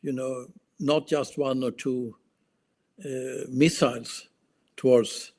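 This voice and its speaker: A man, giving slow, halting analysis in casual discussion. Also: mid-range voice, steady tone, a little mellow. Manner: slow, halting, many restarts and fillers. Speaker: guest analyst.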